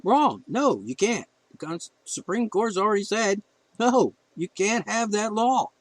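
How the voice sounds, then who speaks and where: A man's voice: high-pitched, expressive, measured pace, rough recording. A man ranting in a blunt, heated opinion monologue as a podcast host, cursing freely and getting emotional.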